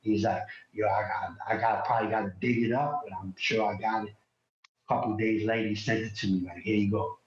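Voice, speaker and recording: Guy rapping about his album on a crappy phone in a hallway, kinda low voice, muffled. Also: fairly even intonation, brisk. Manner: loose slangy talk, full of "you know". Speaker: guest rapper. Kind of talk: casual interview chat. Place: hallway at home. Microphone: cheap phone on a call. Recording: echoey muffled phone call.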